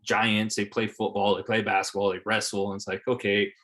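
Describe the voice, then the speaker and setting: A man's voice: lowish voice, little pitch movement, a little fast, fairly bright tone. A man in his thirties, a podcast guest, telling stories in casual chat, swearing and repeating words as he goes. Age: 30s.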